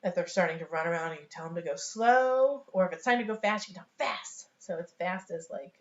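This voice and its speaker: A woman with a slightly low voice teaches sign language over a home webcam, chatty and loose, with plenty of fillers and small laughs. The room rings with echo, and the sound is dull and lo-fi. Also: quick pace. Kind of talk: casual online teaching. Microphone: webcam on a video call.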